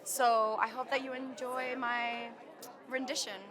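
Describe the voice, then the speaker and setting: Woman, actress, from Canada, bubbly, gushing, fairly high voice, red carpet, loud crowd around. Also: level tone, a little slow. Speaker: actress at her film premiere. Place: outdoor red carpet premiere. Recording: loud crowd noise outdoors. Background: crowd chatter.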